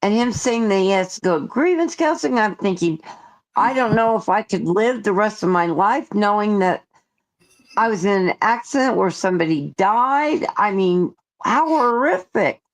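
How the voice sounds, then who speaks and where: A woman's voice: mid-range voice, animated, normal speed. A woman co-hosting a casual livestream chat, talking in an earnest, indignant way. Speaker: co-host.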